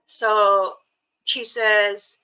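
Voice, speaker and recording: A woman's voice: mid-range voice, flat delivery, extremely slow, sharp tone, clear, resonant tone, low-quality recording. An older woman from Montana telling family stories on her channel in a rambling way, with chuckles. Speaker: storyteller, channel host. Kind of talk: casual storytelling.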